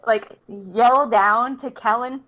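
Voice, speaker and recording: A woman playing a tabletop game, asking quick questions in a chatty way. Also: a little high, fairly bright tone. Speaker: player. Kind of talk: casual tabletop play. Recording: dull lo-fi sound.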